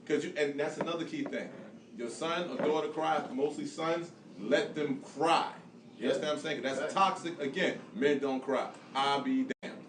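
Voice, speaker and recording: A man hosting a podcast, telling a family story in a fast, animated casual chat. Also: fairly high pitch, reverberant, far from the mic, background noise. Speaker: podcast host.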